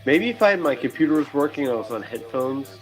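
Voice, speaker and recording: A man's voice: mid-range voice, animated, a little fast, soft background music, rough recording. A man on a livestream ranting with dismissive, profane exasperation about someone arguing in bad faith. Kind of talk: frustrated livestream rant.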